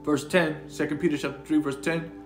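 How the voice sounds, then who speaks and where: Man, street preacher, casual slangy sermon, fairly high voice, echoey room. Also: fairly even intonation, fairly quick, faint music behind. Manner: conversational, slangy, repeats words while preaching. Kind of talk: informal sermon with scripture reading.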